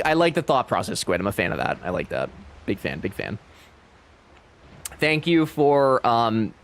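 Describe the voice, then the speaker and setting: A young man streaming a game and chatting casually with his viewers. He talks in an animated, chatty way and swears freely, his pitch leaping up and down across a wide range. His voice sits in a middle register for a man. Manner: animated, chatty, swearing, reads chat aloud. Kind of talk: casual live-stream chat.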